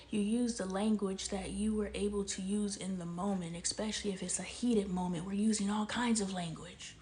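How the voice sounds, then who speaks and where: A woman talking straight to her viewers in a casual livestream monologue. She is animated and preachy, answers the chat and laughs often. She is close to a phone or webcam mic. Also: medium pitch, normal speed, a little hiss or hum. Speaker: livestream host and self-help author.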